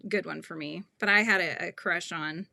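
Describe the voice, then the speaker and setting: A woman's voice: fairly low pitch, moderate pace, creaky, sharp tone, no room sound, studio quality. A woman in her thirties hosting a crochet tutorial stream, chatting casually and laughing often as she reads viewer comments. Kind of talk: casual livestream chat while crocheting.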